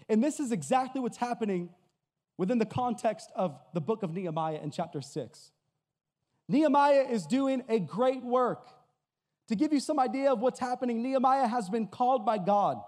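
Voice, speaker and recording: High-voiced man preaching in a hall. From Massachusetts. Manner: energetic, storytelling preacher with a joking tone. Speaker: pastor. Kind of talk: sermon. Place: church hall before an audience. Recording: hall with long reverb.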